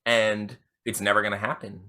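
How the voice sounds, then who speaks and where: A man's voice: on the low side, level tone, normal speed, bright, forceful tone. A man co-hosting a comedy podcast, chatting casually in a rambling, giggly way. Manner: rambling, many restarts, giggly. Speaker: podcast co-host.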